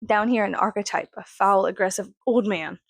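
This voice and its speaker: A woman's voice: normal speed, creaky, husky, no echo, clean studio sound. A young woman from Texas with a faint Texas accent, rambling casually in a vlog, swearing often and acting out other people's voices. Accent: mild Texas. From Texas, USA. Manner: rambling, swears often, acts out quoted voices with big pitch jumps. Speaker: vlogger.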